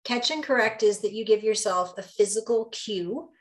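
A woman business coach in her thirties or forties leads a group workshop in a lively, conversational way. She keeps slipping into little acted-out exchanges and checks in with "right?" Her voice sits at an ordinary middle pitch. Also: normal speed. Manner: lively, acts out dialogue, often asks "right?".

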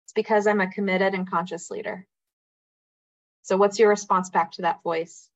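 A woman's voice: medium pitch, fairly even intonation, normal speed, dry recording, dull audio. Encouraging woman coach on a call. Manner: direct, encouraging, guiding.

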